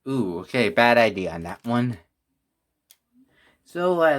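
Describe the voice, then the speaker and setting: A man reviews toys in a casual vlog using a mid-range, sing-song voice, speaking slowly with frequent pauses. He wanders off topic, restarts often, and sighs while sounding out of breath. Slight background noise is audible.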